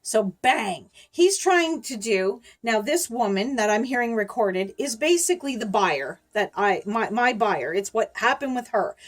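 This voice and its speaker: A middle-aged woman with a slightly high voice chatting to camera as a YouTuber. She rambles, circles back on herself and laughs between words while telling a story. Her talk is casual and loose. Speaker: YouTuber warning viewers about scammers.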